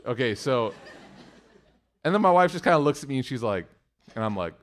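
Male teacher, 30s, mid-pitched, animated storyteller in a talk to a class. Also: fairly quick, long pauses. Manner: animated storyteller acting out family dialogue. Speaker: religious teacher. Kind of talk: storytelling lecture to a live class.

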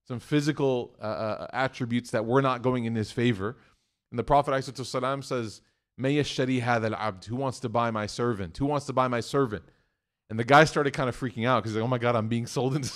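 A man giving a conversational sermon, telling a story and acting out the quoted voices with lively shifts, often checking in with "right?" and "okay?". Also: medium pitch. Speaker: Islamic preacher.

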